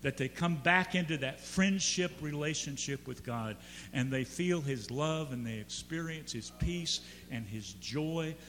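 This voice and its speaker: Bright-voiced pastor preaching in a hall. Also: male voice, on the high side, measured pace, a little hiss or hum. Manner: conversational, building to emphatic peaks. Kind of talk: sermon.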